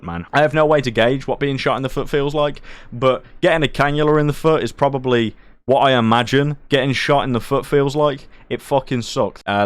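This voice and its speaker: A man's voice: medium pitch, no room sound. A young man tells a personal story in a casual, crude and jokey way, swearing freely. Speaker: streamer.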